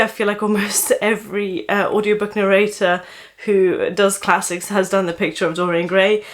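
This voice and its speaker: A woman with a slight German accent, a book vlogger casually recommending audiobook narrators and pausing often to think. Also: mid-range voice, a bit bright. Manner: thoughtful, with frequent "uh" pauses.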